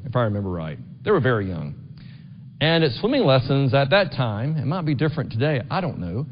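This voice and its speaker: A middle-aged man preaching a sermon in a church, talking conversationally and often asking the congregation "right?". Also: on the high side. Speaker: pastor. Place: church sanctuary. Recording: dull long-reverb church recording.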